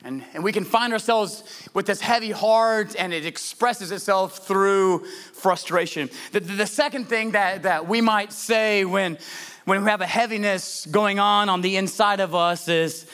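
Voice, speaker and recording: Pastor, male, high and bright, conversational sermon delivery with restarts. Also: fairly even intonation, a little slow, clear, resonant tone. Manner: conversational preaching with frequent restarts and rhetorical questions.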